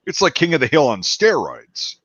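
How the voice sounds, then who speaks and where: A man's voice: on the high side, wildly swooping pitch, normal speed, fairly bright tone, no room sound, highs cut off. A man talking casually about his film production, rambling with many fillers and restarts. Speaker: filmmaker discussing his production. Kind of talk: casual podcast chat.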